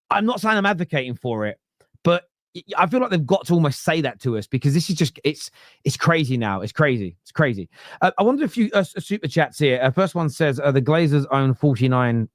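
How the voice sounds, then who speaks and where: A man hosting a casual football fan podcast, talking in an animated way and often tripping over his words. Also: medium pitch, no room sound, clean studio sound. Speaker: podcast host.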